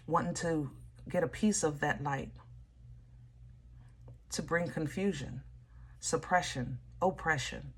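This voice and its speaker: A woman reading tarot cards for viewers, talking in a slow, soft, preachy way. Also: deep voice, husky. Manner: emotional, exclaiming, with laughter and repeats. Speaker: tarot reader.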